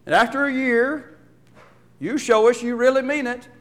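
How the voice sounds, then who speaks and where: A man voicing a stern father who lays out probation terms to a returning son, measured and bargaining, with his voice raised above his usual talk. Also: very high voice, fairly even intonation, voice pushed up.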